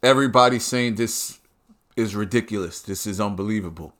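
A man's voice: on the low side, a little fast, a bit bright. A man delivering a heated, profane and repetitive ranting monologue.

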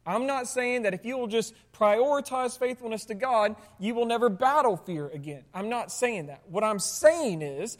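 A pastor preaching a sermon to a congregation, asking them rhetorical questions and adding sarcastic asides. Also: mid-range voice. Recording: long hall reverb.

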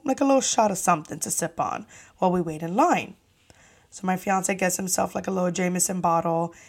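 A young woman hosting a podcast, telling a story casually with lively, profane, exasperated energy. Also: on the low side. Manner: animated, profane, exasperated retelling. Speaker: podcast host.

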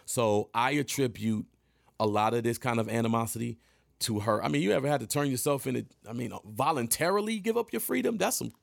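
Gravelly man telling a profane story. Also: mid-range voice, brisk, dry recording, clean studio sound. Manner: animated, profane, jumps into voices. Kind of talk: casual storytelling to camera.

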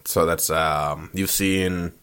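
Very deep-voiced joking young man. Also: steady tone, fairly bright tone, smooth. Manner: joking, swears, slips into quick impressions. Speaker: podcast co-host. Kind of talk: casual chat. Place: small spare room used as a home studio.

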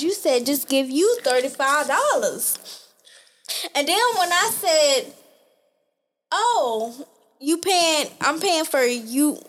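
A woman co-hosting a casual podcast chat, retelling a story with acted-out quotes and plenty of swearing. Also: sits high. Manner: animated storytelling, acting out quotes, profane. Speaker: podcast co-host.

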